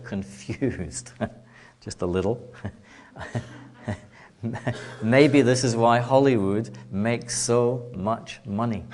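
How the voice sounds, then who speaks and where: A man's voice: fairly low pitch, a little mellow. A middle-aged man giving a spiritual lecture to a live audience, telling stories with a playful touch and now and then acting out a child and an adult. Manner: playful storytelling, acts out child and adult voices, laughs often. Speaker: speaker giving a public talk. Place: lecture hall.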